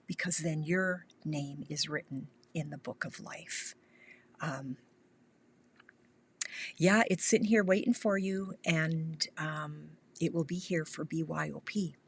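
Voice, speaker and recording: An older woman from Canada hosting a live craft stream, chatting warmly and reassuringly, often sinking to a near whisper, with the hiccups. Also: low voice, slow, vocal fry, slightly rough. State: has the hiccups. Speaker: independent craft demonstrator.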